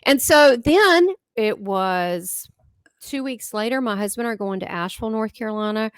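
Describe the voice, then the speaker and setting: A woman host in casual chat, telling a personal story and acting out quoted dialogue with big swings in pitch. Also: normal speed, clean tone, dry recording. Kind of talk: casual chat recounting experiences.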